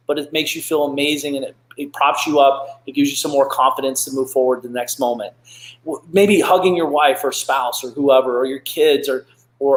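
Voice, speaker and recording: A man's voice: on the high side, echoey room, low-quality recording. A man hosting a live stream, reading viewer comments and giving earnest, rambling motivational advice with many fillers and restarts. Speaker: host of a live motivational show.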